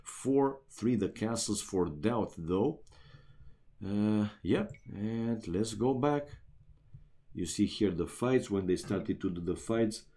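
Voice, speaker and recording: A man from Romania commentating a strategy game match live, sitting at the lower end of the male range. His tone is warm and mellow. He talks loosely and chats with the viewers as he goes. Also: lively intonation, slow. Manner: chatty, talks straight to chat viewers, many "uh" and "man". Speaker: esports caster.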